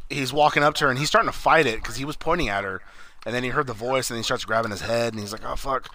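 A man's voice: medium pitch, fast talker, pushed and bright. A young man on a podcast, casually recapping a horror film in a rambling way, swearing often and acting out lines from the movie. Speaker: podcast co-host.

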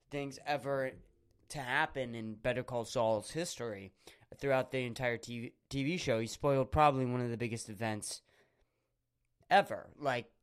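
A young podcast host with a medium-pitched, clean voice delivers a casual monologue, rambling through crude, absurd stories packed with fillers.

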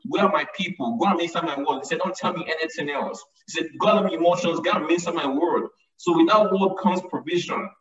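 A man's voice: fairly high pitch, fairly bright tone. Man preaching from far off in an echoey room. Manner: emphatic, repeats lines for stress. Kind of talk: sermon. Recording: echoey, distant, dull sound.

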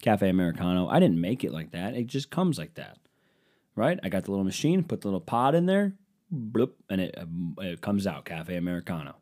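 A man's voice: low-pitched, expressive, brisk, darkish tone. A man in his twenties hosting his own podcast, delivering a sarcastic, rambling comedic monologue into a desk microphone at home. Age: 20s. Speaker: podcast host.

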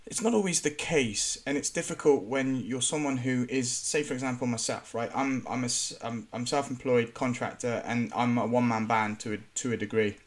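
A man's voice: mid-range voice, brisk, hardly any pauses. A man from England, a self-employed contractor, talking frankly in casual panel chat, rambling with many restarts.

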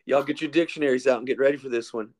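A man's voice: medium pitch, fairly even intonation, racing, a little mellow. Upbeat man co-hosting a podcast. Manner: upbeat, chatty, laughs easily. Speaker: podcast co-host, interviewer. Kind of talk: casual podcast interview.

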